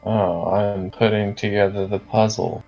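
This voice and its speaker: A man's voice: lowish voice, little pitch movement, measured pace, creaky, dark tone, dull audio, faint music behind. A man playing a tabletop role-playing game, joking and hesitant, with some swearing. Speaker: player. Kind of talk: casual tabletop game play.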